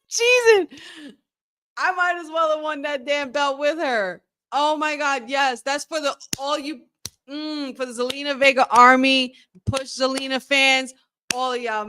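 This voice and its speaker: A woman hosting a live wrestling watch-along from her room at home, excitable and swearing as she talks to her chat. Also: sits high. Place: room at home with windows open.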